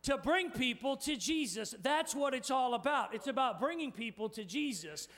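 His voice is very high and his pace moderate as this male pastor preaches, full of energy and fun. He steers volunteers through a live demonstration and speaks directly to the people in the pews.

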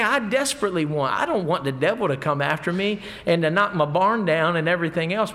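A man's voice: on the high side, a bit bright. A middle-aged man preaching a folksy sermon, mixing scripture with stories. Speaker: pastor.

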